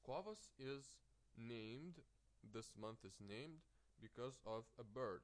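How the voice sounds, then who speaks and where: A man teaches a vocabulary lesson at an unhurried, deliberate pace, in a mid-pitched voice. He says each word twice to show where the stress falls, with small slips and restarts along the way. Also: expressive. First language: Lithuanian. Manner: slow, careful, repeats words with stress, small restarts. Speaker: language teacher.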